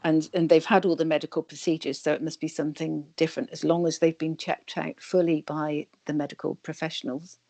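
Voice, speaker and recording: A woman guest on a video call interview, calmly explaining energy healing. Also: deep voice, fairly quick, gravelly, hardly any pauses, no echo. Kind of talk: interview answers.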